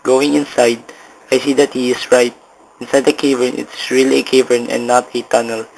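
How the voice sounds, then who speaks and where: A young man reads a story aloud for a school project, his voice held flat and even with a gravelly fry underneath. He moves haltingly, stumbling now and then and restarting a word. A faint background noise sits under the reading. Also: medium pitch, rough recording. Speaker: student reader.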